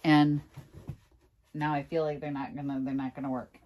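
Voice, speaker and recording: A woman vlogging casually to camera about a furniture project, halting and sighing, on the verge of tears. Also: low-pitched, flat delivery, dark tone. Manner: halting, sighing, laughing through frustration. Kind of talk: casual vlog talking to camera.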